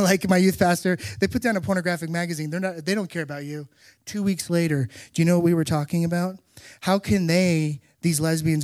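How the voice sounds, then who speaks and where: Middle-aged male pastor, slightly high voice, lively storyteller, dry close sound. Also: no room sound. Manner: animated storytelling with emphatic repetition. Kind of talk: sermon.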